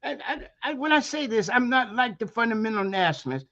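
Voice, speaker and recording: A man's voice: extremely high pitch, expressive, brisk, fairly bright tone, lo-fi sound. A man from Maryland's Eastern Shore with a Maryland Black vernacular accent, a university lecturer speaking as an interview guest in an emphatic, preacherly way with many rhetorical questions. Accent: Maryland Eastern Shore, African American Vernacular. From Maryland Eastern Shore, USA. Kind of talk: impassioned interview talk.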